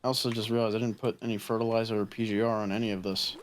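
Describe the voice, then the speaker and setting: A man's voice: on the low side, rapid-fire. A young man co-hosting a casual gaming podcast, telling stories with heavy swearing. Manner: profane, animated storytelling. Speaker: podcast co-host.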